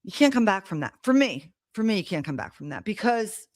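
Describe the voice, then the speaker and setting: A woman's voice: mid-range voice, very animated, a little fast, dry recording, studio quality. Blunt woman venting on a live stream. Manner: blunt, heated storytelling with swearing. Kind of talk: casual monologue to a live audience. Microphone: streaming setup mic.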